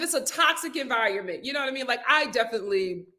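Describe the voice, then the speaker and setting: A woman's voice: fairly high pitch, expressive, quick pace, hardly any pauses, sharp tone. A woman hosting a casual live stream, reading viewer comments aloud and telling a story in a chatty way. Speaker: YouTube host.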